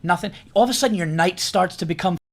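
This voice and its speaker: A man in his thirties hosts a comedy podcast and talks quickly. He rambles, restarts his sentences and keeps reaching for the point. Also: sits high. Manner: rambling, restarts often, with many "like" fillers. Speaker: podcast host. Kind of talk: casual comedic chat.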